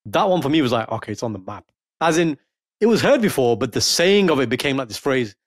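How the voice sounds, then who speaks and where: A man co-hosting a podcast in casual chat, teasing and animated, acting out playful quotes. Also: mid-range voice, brisk, no room sound, clean studio sound. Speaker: podcast co-host.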